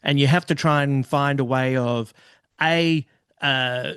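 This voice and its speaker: A man hosting a podcast in casual chat, hesitant with many ums and quick to laugh. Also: mid-range voice, steady tone, fairly bright tone, clean tone, no room sound, clean studio sound. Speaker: podcast host.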